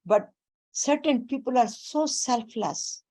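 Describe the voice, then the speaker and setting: A woman giving a spiritual talk, speaking deliberately and weaving in Sanskrit and Hindi terms. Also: high-pitched, a little mellow. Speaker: spiritual teacher.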